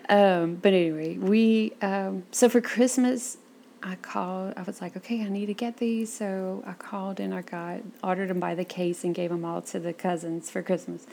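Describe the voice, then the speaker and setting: Woman, interview guest, lively storyteller, quotes people in their voices, gravelly voice. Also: medium pitch, moderate pace, slight background noise. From south Louisiana.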